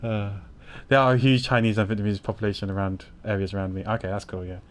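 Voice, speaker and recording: A man's voice: lowish voice, flat delivery, fast talker. Chatty laughing male streamer. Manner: chatty, rambling, laughing often. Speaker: streamer playing a game. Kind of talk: casual chat.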